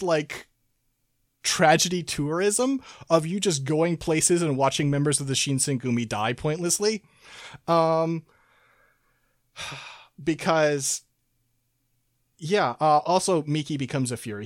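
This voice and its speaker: A man in casual chat, recapping a game's story with lots of fillers, laughs and quick quoted asides. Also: a little high, no echo, studio quality. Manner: rambling, laughing, quoting characters in quick asides. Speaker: podcast co-host recapping a game.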